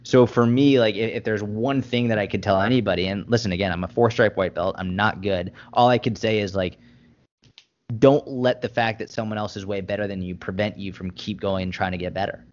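A man with a low voice talks earnestly, dotting his speech with fillers. The audio is dull and lo-fi. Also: fairly even intonation, fairly quick, a little mellow. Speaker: guest, fitness and nutrition coach. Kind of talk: casual podcast chat.

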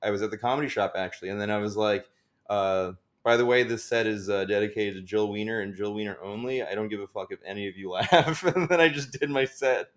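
A man's voice: fairly low pitch, quick pace. A young man, a stand-up comedian, chatting casually on a podcast, rambling with lots of "like" and frequent laughter. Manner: rambling, heavy use of "like", laughs often.

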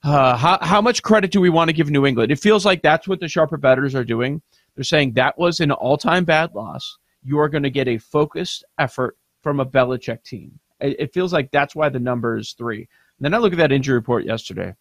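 A man's voice: on the high side, brisk, no echo. Man, sports betting host, casual chat, analytical, dry close sound. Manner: analytical, questioning.

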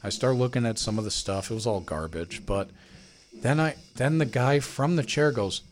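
A young man casually telling a story on a podcast, lively and full of swearing, acting out the people he quotes. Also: mid-range voice, moderate pace. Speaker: podcast co-host.

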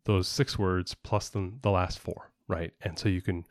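A man's voice: sits low, level tone, a little slow, dry recording, clean studio sound. A man co-hosting a casual podcast, explaining at length in a rambling way with frequent fillers and restarts. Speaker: podcast co-host and parent.

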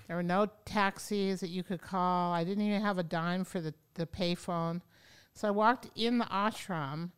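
Woman interview guest, clear resonant voice, lively storyteller who acts out what she once said, studio podcast. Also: mid-range voice. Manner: lively, acts out her own past words. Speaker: yoga teacher, podcast guest. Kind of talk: conversational storytelling.

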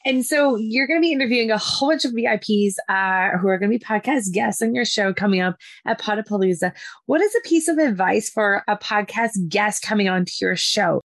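A woman's voice: mid-range voice, lively intonation, brisk, no echo. Upbeat woman interviewer, dry close recording, chatty. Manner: upbeat, bubbly. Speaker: podcast host. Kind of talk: casual interview chat.

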